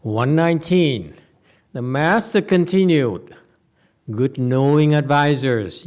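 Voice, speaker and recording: Teaching a Buddhist sutra in a temple hall, a master speaks in a mid-range, darkish voice with lively intonation. He keeps the Dharma lecture conversational, often pausing for "okay?" or "hmm?", restarting what he's saying, and dropping in dry jokes.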